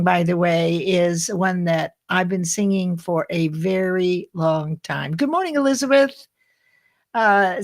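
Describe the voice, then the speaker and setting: A middle-aged woman hosting a live online study group, chatting and greeting viewers by name, laughing at her own slips. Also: lowish voice. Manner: laughs at herself, corrects slips. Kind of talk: casual live-stream greeting.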